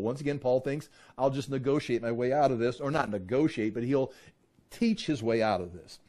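A man teaching from the Bible, reading verses aloud and then explaining them casually, voicing the crowd in loud bursts. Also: mid-range voice, normal speed.

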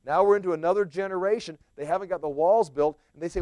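A man leads a Bible study, talking through the text in a relaxed, chatty way and tossing playful asides to his listeners. His voice sits a little high and comes across smooth and clear. The sound is dry, with no room echo. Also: fast talker, few pauses. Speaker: Bible teacher. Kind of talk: conversational Bible study teaching.

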